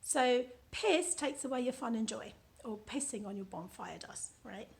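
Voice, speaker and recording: Chatty British woman, high voice. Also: moderate pace, vocal fry. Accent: British English. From United Kingdom. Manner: chatty and playful, laughs at her own lines. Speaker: author reading from her own book. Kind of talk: casual book reading with commentary.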